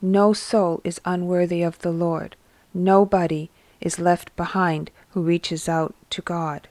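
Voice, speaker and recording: A woman narrating a devotional story in a slow, measured storytelling manner. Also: lowish voice, little pitch movement, a little mellow, no echo.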